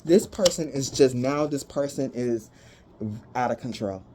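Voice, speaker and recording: A woman's voice: very deep voice, a little slow, warm tone, a little hiss or hum. A woman giving a casual spoken tarot reading, talking bluntly and animatedly, with frequent swearing. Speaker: tarot reader.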